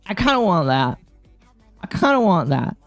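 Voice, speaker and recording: A woman's voice: fairly low pitch, big pitch swings, normal speed, dry recording, faint music behind. A woman VTuber streamer chatting casually to her live audience, flustered and exasperated as she fiddles with her settings and talks to herself.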